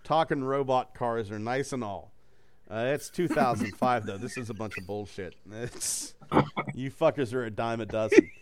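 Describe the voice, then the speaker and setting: A man's voice: medium pitch, moderate pace, darkish tone. A man reading a choose-your-own-adventure book aloud to friends, with loose, joking and profane asides. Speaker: reader running a gamebook for friends.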